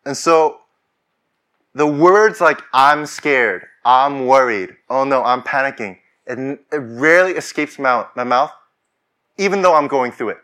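A man's voice: medium pitch, unhurried, bright, forceful tone. A man preaching a sermon as pastor, talking conversationally and rising to fervent declarations.

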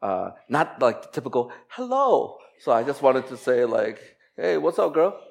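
A man preaching as a pastor, moving from slow, emphatic scripture reading into a chatty, laughing personal story. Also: mid-range voice, gravelly. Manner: conversational, animated storytelling with laughs and quoted voices.

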